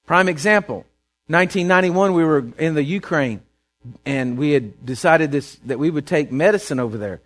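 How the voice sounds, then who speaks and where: A man from Texas with a Texan accent, telling a folksy, animated sermon story and often repeating himself as he goes. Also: fairly high pitch, normal speed.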